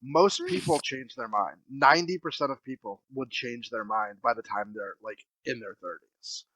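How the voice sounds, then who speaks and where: A young man co-hosting a podcast, telling crude stories loudly and laughing often. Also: medium pitch, normal speed, no room sound, rough recording. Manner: loud, animated storytelling with frequent laughter. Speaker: podcast co-host. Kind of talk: crude casual podcast banter.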